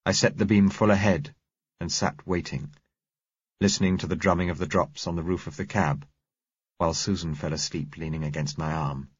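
Man, very deep voice, husky, measured audiobook narration, dry dull recording. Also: no echo. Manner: measured, steady reading. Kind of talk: scripted first-person narration.

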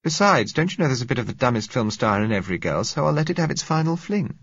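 A teasing young woman, put on by a man reading a storybook aloud, her lines lifted well above his low, husky narrating voice. The recording is dry and a little dull. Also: very animated, fast, fairly bright tone, no room sound, full character voice. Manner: teasing, breezy. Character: playful, self-indulgent young woman.

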